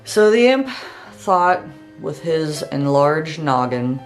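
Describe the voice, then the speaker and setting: Lässige Erzählerin mit sarkastischen Einwürfen. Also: female voice, low voice, big pitch swings, slow, faint music behind. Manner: casual, sarcastic asides. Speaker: storyteller host. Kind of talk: comedic fairy tale retelling.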